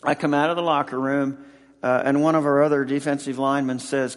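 A pastor in his sixties who also serves as a football chaplain preaches a sermon, telling stories haltingly and emotionally with many restarts. His pitch is medium with little variation, and the audio has a long reverb tail.

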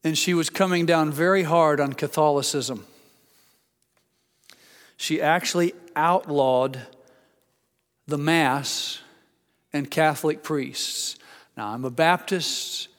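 A male pastor preaching a sermon, emphatic, rising to loud exclamations and dropping low. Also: steady tone, slow, pauses often. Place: church sanctuary. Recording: church hall with long reverb.

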